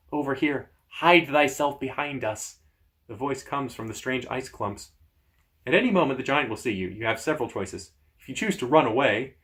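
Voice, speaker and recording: A man hosting a gamebook playthrough, reading the story aloud in a lively way with casual asides to viewers. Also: mid-range voice. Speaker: host.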